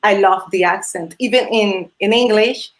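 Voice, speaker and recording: A woman's voice: medium pitch, moderate pace. A Spanish woman, a Spanish teacher and holiday host, chatting in English with a Spanish accent as a non-native speaker, hesitant with many fillers and restarts and frequent laughs. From Spain. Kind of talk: casual interview chat. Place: video call or live stream.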